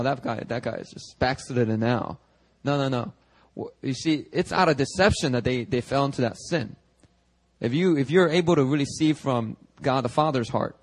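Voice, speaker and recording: A young male pastor preaching a casual, conversational sermon, animated and full of quick asides and restarts. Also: medium pitch. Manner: animated, chatty, frequent restarts and asides to the congregation. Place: church sanctuary.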